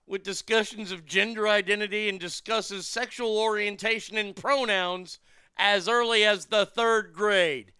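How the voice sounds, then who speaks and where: A man's voice: sits high, fairly even intonation, unhurried, pushed and bright, clean tone, no echo. A man hosting a show, reading news aloud and mocking it with crude, profane jokes and laughter. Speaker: show host. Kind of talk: crude comedic commentary.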